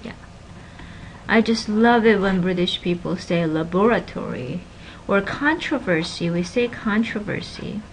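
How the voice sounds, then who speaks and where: A woman teaching a linguistics class, stressing example words with energy and dropping into quiet asides. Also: medium pitch, a little slow, slight background noise, rough recording. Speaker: linguistics lecturer. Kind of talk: recorded classroom lecture.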